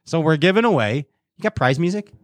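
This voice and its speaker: A man's voice: on the high side, expressive, brisk, no room sound, clean studio sound. A man hosting a casual show, joking around, riffing and scatting between giveaways. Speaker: show host. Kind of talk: casual livestream show banter.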